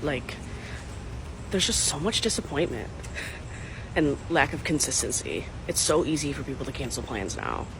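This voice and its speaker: A woman's voice: deep voice, big pitch swings, normal speed, long pauses, background noise. A young woman telling a dating story to her phone camera in a casual, dramatic, sarcastic way. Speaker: dating content creator.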